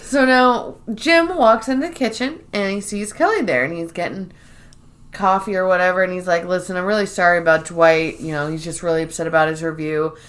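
A woman's voice: lowish voice, steady tone, fairly quick, fairly bright tone. A woman co-hosting a casual podcast, animatedly retelling a TV episode and acting out the characters' lines. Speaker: podcast co-host recapping a TV episode. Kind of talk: casual chat.

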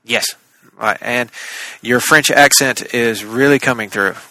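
A man co-hosting a casual comics podcast, talking in long, rambling, animated runs with fillers and laughs. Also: medium pitch, measured pace, no room sound, poor audio. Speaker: podcast co-host. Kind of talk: casual chat about comics.

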